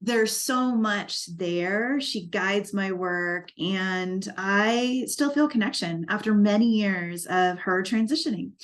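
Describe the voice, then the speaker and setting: A woman's voice: mid-range voice, slow, few pauses. A middle-aged woman, an equine life coach, telling her personal story in a documentary interview in an earnest, reflective and emotionally moved way.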